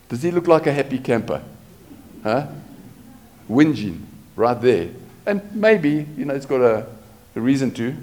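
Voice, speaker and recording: A man preaching to his congregation in an animated way. His voice sits a little high for a man, and he keeps checking in with the room through rhetorical questions. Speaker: pastor. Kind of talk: sermon.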